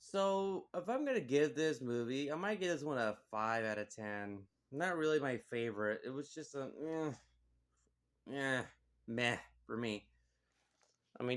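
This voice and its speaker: A man gives a relaxed, meandering take on a movie, peppering it with "like" and "you know." His pitch is ordinary and middling, and his tone comes across a bit bright.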